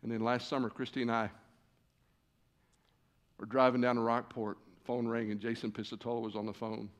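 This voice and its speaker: A man preaching as a guest in a church, telling a personal story with lively, acted-out dialogue. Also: medium pitch, a little fast. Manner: animated, acts out quoted conversations. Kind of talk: storytelling sermon. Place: church sanctuary.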